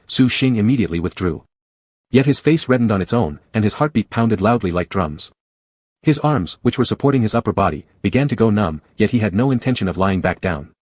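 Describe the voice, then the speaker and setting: Low, husky male storybook narrator. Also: a little mellow, no echo. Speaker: audiobook narrator. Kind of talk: scripted narration.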